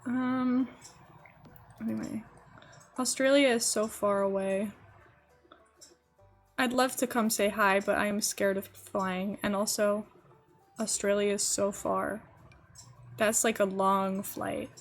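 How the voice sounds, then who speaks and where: A woman's voice: mid-range voice, steady tone, slow pace, long pauses, soft background music. Giggly young woman streamer, rambling chat. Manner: chatty and giggly, rambling to chat while building. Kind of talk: casual live-stream chat.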